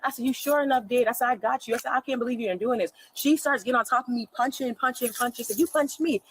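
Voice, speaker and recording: Agitated woman, high voice, talks fast, keeps quoting "I said" as she recounts a fight at home. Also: slight background noise, poor audio. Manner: rapid, agitated, constantly quoting others with "I said". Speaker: person telling an officer about a family fight. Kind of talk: heated retelling.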